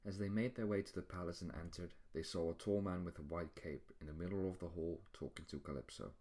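A man narrating a fantasy audiobook in a quiet, low-key storytelling manner. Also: fairly even intonation, a little fast.

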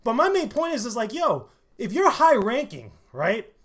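A man streaming a fighting game live, commentating and trash-talking with loud excited bursts. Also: very high-pitched, moderate pace.

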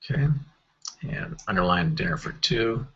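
A man walking through a software screen tutorial in a casual, think-aloud way, with fillers and self-corrections. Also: sits low, lively intonation, normal speed, lo-fi sound. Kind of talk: screen-recorded software walkthrough.

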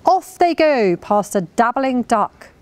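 A woman's voice: on the high side, very animated, slow pace, a little mellow, dry recording. A woman reading a rhyming storybook aloud to young children, lilting and playful, with little voices for the characters. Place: farm, children listening.

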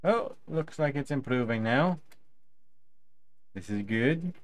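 A man streaming a video game, talking slowly and patiently and chatting softly to his pet duck. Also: medium pitch, expressive. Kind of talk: casual live game stream chat.

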